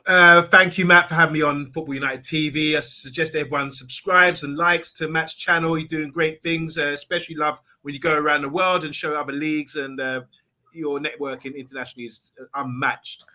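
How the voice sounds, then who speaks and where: A man signing off as a panel guest, giving shout-outs and thanks while laughing. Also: a little high, steady tone, brisk. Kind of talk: casual sign-off on a live stream.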